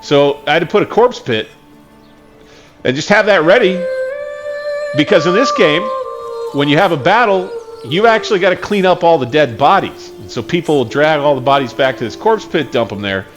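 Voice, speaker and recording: Relaxed man commenting on gameplay. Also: fairly high pitch, moderate pace. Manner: relaxed, rambling, with fillers and self-corrections. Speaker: gaming channel host. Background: game music.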